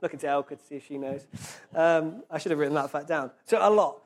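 A man preaches in a relaxed, conversational way, his voice sitting a little higher than most men's. He slows down to read scripture with emphasis. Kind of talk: informal sermon.

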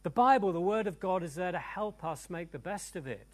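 Male pastor, live sermon to a congregation, high voice, very expressive, big swings from shouts to near-whispers. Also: a little fast. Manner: animated and emphatic, swinging from loud cries to hushed tones. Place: church service before a congregation.

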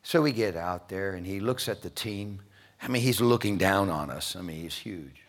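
A middle-aged male preacher delivering a sermon, moving between loud, stretched-out declarations and quiet, hushed storytelling. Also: sits low, moderate pace.

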